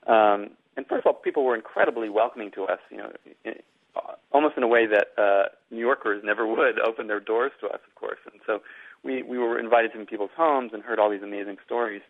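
A middle-aged man from Boston talks through his answers as an interviewed author, circling back and repeating himself. His voice sits a little low. It comes over a narrow, phone-like line. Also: fairly quick. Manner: rambling, with frequent repeated words. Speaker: author and guest.

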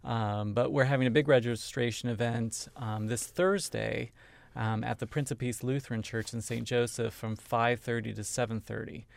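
A man's voice: mid-range voice, fairly even intonation, moderate pace, gravelly. A man who directs a community band, talking in a casual radio interview with many fillers. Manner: friendly, many "um" fillers, informative.

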